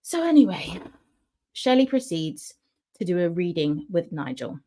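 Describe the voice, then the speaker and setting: A young woman vlogger telling a personal story in a casual, animated way, acting out the people she quotes. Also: on the low side, measured pace.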